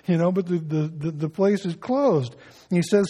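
A man preaching a sermon as a pastor, swinging between loud emphasis and soft, hushed appeals, with folksy asides and light humor. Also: high-pitched, measured pace, slightly rough.

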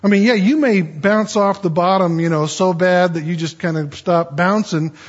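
A man with a husky, slightly high voice preaches a folksy, conversational sermon. He stumbles and restarts often. The church recording sounds dull and muffled. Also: moderate pace. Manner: folksy, stammering restarts, acts out quoted pleas. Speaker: pastor.

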